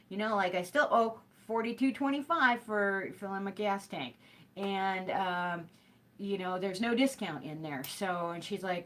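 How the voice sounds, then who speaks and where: A woman's voice: medium pitch, normal speed, a bit bright. A middle-aged woman hosting a hooping show, chatting casually to a live stream and telling a rambling story full of fillers and restarts.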